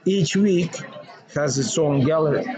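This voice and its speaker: A man with a Russian accent, a former teacher talking casually, animated and laughing often, in broken English. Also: a little high, measured pace. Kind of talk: casual conversation. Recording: dull sound with crowd noise.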